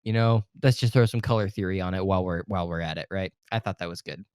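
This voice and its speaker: A man's voice: low-pitched, fast, a little mellow, smooth, no room sound, clean studio sound. A man co-hosting a film podcast, talking casually and earnestly, making his point through restarts and asides. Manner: earnest, argumentative, full of restarts. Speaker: podcast co-host.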